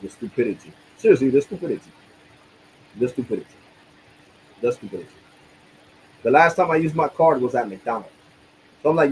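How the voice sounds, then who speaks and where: A man's voice: mid-range voice, animated, fairly quick, pauses often, slight background noise, poor audio. A young man live-streaming, venting angrily with lots of cursing and repetition. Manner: angry, profane, repetitive venting. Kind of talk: casual live-stream rant.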